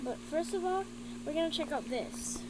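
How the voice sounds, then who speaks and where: A woman's voice: sits high, expressive, moderate pace. A young woman doing casual commentary on a game, jumpy and frightened, often repeating herself. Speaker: gaming video creator. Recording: loud background noise.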